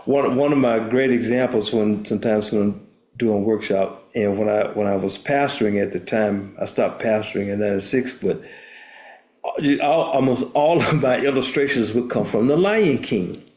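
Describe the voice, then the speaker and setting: A lowish, darkish male voice moving at normal speed belongs to an older American who works as a therapist and minister. Appearing as an interview guest, he tells a story earnestly, often restarting his words, and the audio has a roomy echo.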